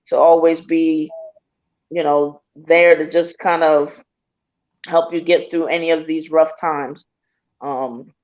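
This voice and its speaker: A woman giving a live psychic reading, hesitant and gentle, with many fillers. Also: low voice, lo-fi sound. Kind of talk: casual live tarot reading.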